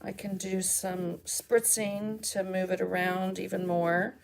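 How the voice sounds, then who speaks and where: A woman's voice: medium pitch, flat delivery, slow, gravelly. A woman hosting a live mixed media art demonstration, chatting and thinking aloud as she works and answering viewer comments. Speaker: mixed media artist and host.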